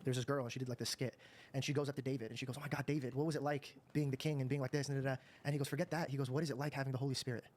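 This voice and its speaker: Male podcast host, earnest storyteller, talks extremely fast. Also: mid-range voice, little pitch movement, a little mellow. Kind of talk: interview conversation.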